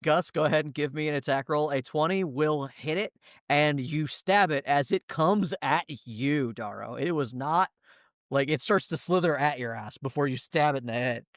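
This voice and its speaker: A man narrating as game master of a tabletop game, animated and laughing, jumping into quick character voices. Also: fairly high pitch, no room sound, clean studio sound.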